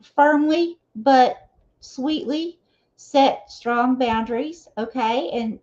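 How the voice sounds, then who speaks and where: A woman's voice: high voice, slow, darkish tone. A woman giving a live tarot reading, talking casually and checking in often with her viewers. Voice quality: conversational, frequent "okay?" and "you know" fillers. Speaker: tarot reader. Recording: dull lo-fi sound.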